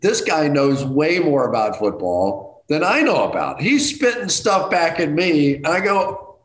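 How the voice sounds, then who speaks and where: A middle-aged male guest tells a casual anecdote a little slowly, poking fun at himself and breaking into high, excited outbursts. The recording has a roomy echo.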